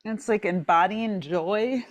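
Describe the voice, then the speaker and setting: A woman teaching a yoga class while moving along with it, out of breath, encouraging and relaxed, often repeating "right?" and "maybe you're here.". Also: medium pitch, unhurried. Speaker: yoga instructor. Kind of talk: guided yoga class instruction.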